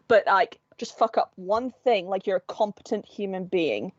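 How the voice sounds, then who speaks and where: A woman's voice: medium pitch, normal speed, lo-fi sound, slight background noise. An Australian woman co-hosting a podcast, chatting casually and acting out voices in her stories. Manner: animated storyteller, acts out voices. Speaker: podcast co-host. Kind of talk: casual chat.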